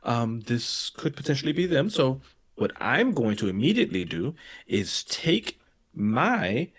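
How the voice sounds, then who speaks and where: Tabletop player, man, mid-pitched, hesitant and thinking aloud. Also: very animated, a little slow, slightly rough. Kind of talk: tabletop game play.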